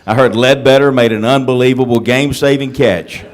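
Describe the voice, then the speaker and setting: A man's voice: mid-range voice, fairly even intonation, a little fast. A man hosts a reunion panel, firing off teasing questions with an easy humor. He keeps the talk moving with friendly jabs at the guests. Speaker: host. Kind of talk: moderating a panel.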